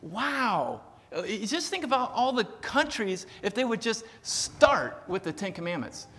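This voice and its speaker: A man's voice: high voice, big pitch swings, a little slow, sharp tone, in a large hall. A man preaching a sermon in a casual storytelling way, with self-deprecating humor. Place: church sanctuary.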